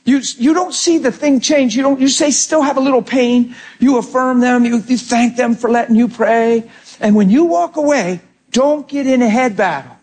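A male pastor preaching, telling stories with lively acted-out quotes and quick restarts. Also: very high-pitched, slightly rough. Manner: animated storytelling with repeated starts and acted-out quotes. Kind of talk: sermon.

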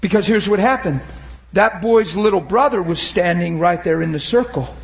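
A man preaching an impassioned sermon, shouting at times and then dropping to a hushed retelling, urging the crowd on. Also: high voice, normal speed, gravelly, roomy sound. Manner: urges the crowd with repeated calls of "come on".

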